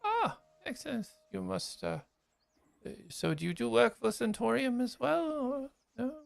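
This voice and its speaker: A high, gravelly old father gushes over his long-lost son, put on by a man running the game. He chuckles between lines, and his pitch swings widely. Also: sing-song, unhurried, dry recording, full character voice. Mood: businesslike. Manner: gushing, chuckling often. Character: effusive elderly father, doting shopkeeper. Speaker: game master.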